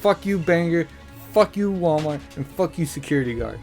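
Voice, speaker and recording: A man hosting a podcast, telling stories in a profane, animated way and acting out the people he quotes. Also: on the high side, normal speed, faint music behind. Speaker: podcast host. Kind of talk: casual storytelling.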